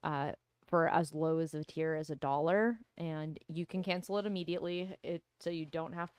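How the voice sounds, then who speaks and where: Relaxed, chatty woman with a lowish voice. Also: normal speed, clear, resonant tone, no echo. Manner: relaxed, chatty, many fillers. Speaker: podcast co-host. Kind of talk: casual live-stream banter.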